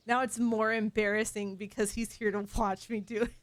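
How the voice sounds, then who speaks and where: A woman's voice: mid-range voice, no room sound. A woman game streamer chatting casually while she plays, playful and teasing, laughing at herself. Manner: playful, teasing, self-deprecating. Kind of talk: casual live-stream chat.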